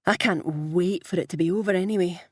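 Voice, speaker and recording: A tense Scottish woman detective who answers in short, strained words, read by a woman narrator. The voice is husky and set low, with a dry, close sound for a storybook. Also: brisk, no room sound, natural voice. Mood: weary. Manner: clipped, strained.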